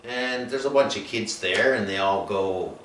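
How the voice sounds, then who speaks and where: A man telling his own life story in a rambling, halting way, full of fillers and restarts. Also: lowish voice, fairly bright tone. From Nova Scotia, Canada. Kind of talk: personal storytelling monologue. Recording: echoey room, mic at a distance, faint noise.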